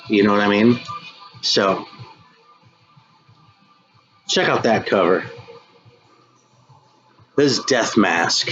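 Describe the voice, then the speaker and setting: A man's voice: lowish voice, fairly bright tone, lo-fi sound. An American man hosting a live stream, chatting loosely about records and answering viewers, swearing freely and calling people dude and man. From United States. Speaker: live stream host showing metal records. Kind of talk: casual chat reading viewer comments.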